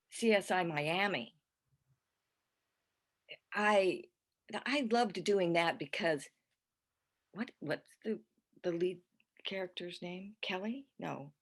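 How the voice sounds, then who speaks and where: Older woman, low-pitched voice, podcast guest, casual chatty storytelling, frequent restarts, laughs easily. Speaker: guest actress. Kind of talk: casual podcast interview chat.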